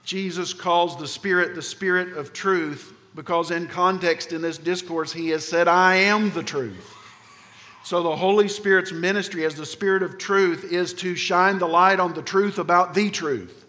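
A man preaching a sermon as pastor, emphatic, often sinking low and quiet at the ends of phrases. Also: fairly even intonation, moderate pace. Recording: long hall reverb.

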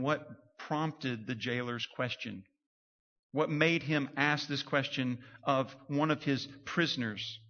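A man's voice: mid-range voice, fairly bright tone. A man preaching a sermon as a pastor, in a conversational way, acting out quoted voices. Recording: dull sound with long hall reverb.

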